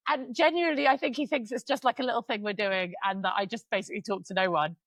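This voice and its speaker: A woman's voice: a little high, steady tone, fast talker, a bit bright, no room sound. A woman in her forties co-hosting a podcast, telling stories in casual chat and swearing freely. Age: 40s. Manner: chatty storyteller, swears freely. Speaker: podcast co-host.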